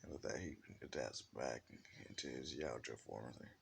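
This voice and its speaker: A man's voice: extremely low pitch, moderate pace, creaky, hardly any pauses, slight background noise. A man telling an improvised fan-fiction story in a rambling way, with many restarts.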